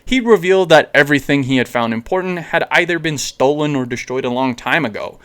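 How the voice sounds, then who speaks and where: A man narrating a fan-fiction what-if story, with lively storytelling and sudden high emphases. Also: brisk, clear, resonant tone. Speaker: storyteller, channel host.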